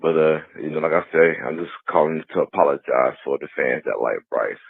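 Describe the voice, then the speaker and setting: Deep-voiced male caller, profane and rambling, tinny phone line. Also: brisk, creaky, breathy edge, dry recording. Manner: profane, rambling, fillers of "you know". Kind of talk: call-in rant.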